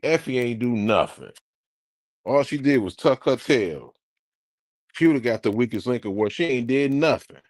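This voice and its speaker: A man streaming, ranting casually to his live chat in an animated, profane way. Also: medium pitch, moderate pace, dry recording, clean studio sound.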